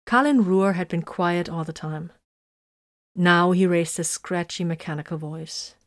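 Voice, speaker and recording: A woman narrating an audiobook in a steady storytelling manner. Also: lowish voice, a little slow, no echo, studio quality.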